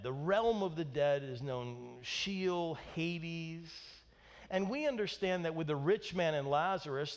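Male pastor, slightly high voice, emphatic sermon delivery with rhetorical questions. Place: church.

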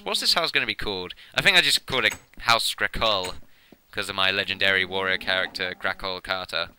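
A man giving casual, excitable gameplay commentary as a channel host, with swearing and laughing asides. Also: low voice, fairly quick.

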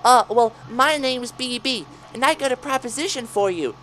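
A woman's voice: on the high side, animated, moderate pace, fairly bright tone, slight background noise. A woman doing a chirpy little boy animatronic. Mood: scheming.

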